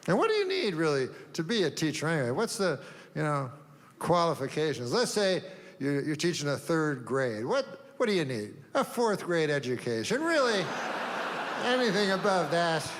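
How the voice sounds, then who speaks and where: A deadpan male comedian works through a rambling stand-up set at a slightly high pitch. His voice rings with a long hall reverb over faint background noise. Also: moderate pace. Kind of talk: stand-up routine. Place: comedy stage before a live audience.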